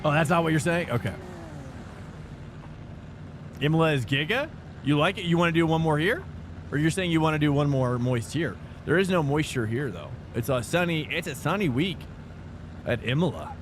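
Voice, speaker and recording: A man with a fairly high, animated voice loosely chats with viewers while streaming sim racing, rambling at a normal speed with long pauses. Background music runs under the stream, and there is background noise.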